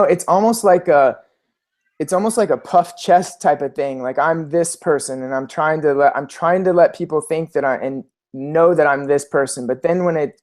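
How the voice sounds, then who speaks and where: Friendly, somewhat high-voiced man co-hosting. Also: a little mellow. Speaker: co-host. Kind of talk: casual live show chat.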